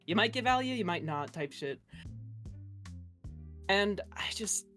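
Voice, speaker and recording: A chatty woman streamer answering interview questions, her talk full of fillers and easy laughter. Her voice sits at a middle pitch, with faint music underneath. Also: expressive, measured pace, a bit bright. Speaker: guest streamer. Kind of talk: casual interview chat.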